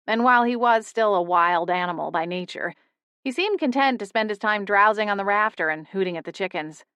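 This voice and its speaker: A young woman narrating a first-person audiobook in a steady, intimate storytelling manner. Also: mid-range voice, no echo. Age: young adult.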